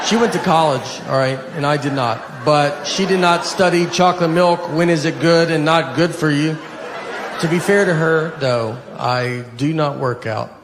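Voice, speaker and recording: A middle-aged man with a Southern US accent doing a stand-up comedy set, telling stories in a dry, deadpan way into a handheld mic on a theater stage. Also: fairly high pitch, normal speed. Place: theater stage before a laughing audience. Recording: live hall recording with long reverb and audience noise.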